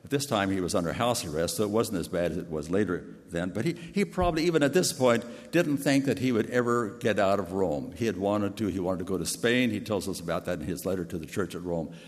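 Older male preacher, big deep voice, earnest storytelling sermon, reverberant hall. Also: fast, hardly any pauses. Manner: earnest, personal storytelling with restarts.

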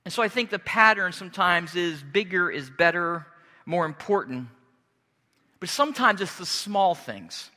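A man preaching a sermon as pastor, earnest and deliberate, pausing and restarting as he speaks. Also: sits high, lively intonation, sharp tone, long reverb tail.

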